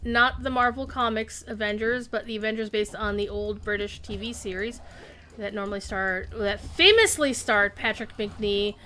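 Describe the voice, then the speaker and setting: A woman's voice: mid-range voice, moderate pace, sharp tone, a little hiss or hum. A woman streaming a game live, chatting loosely with viewers and rambling between tasks. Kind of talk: casual live-stream chat while gaming.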